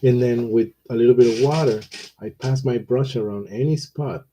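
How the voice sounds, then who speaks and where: A man teaching watercolor, talking through his painting in a relaxed, unhurried way with pauses and fillers. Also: medium pitch, slight background noise, low-quality recording. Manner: slow, thinking aloud while he paints, with pauses and fillers.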